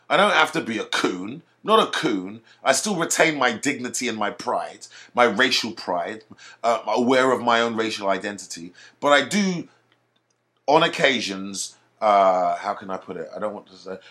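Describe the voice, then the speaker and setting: A man's voice: lowish voice, fairly bright tone. A man delivering an indignant, emphatic monologue rant to camera, repeating his points. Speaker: video blogger.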